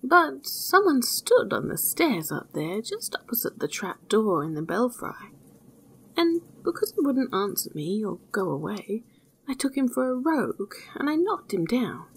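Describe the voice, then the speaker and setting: A woman's voice: a little high, big pitch swings, a little slow, slightly rough, pitched above the performer's own voice, full character voice. Woman reading as a fearless, earnest young man. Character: fearless naive young man, eager and plain-spoken.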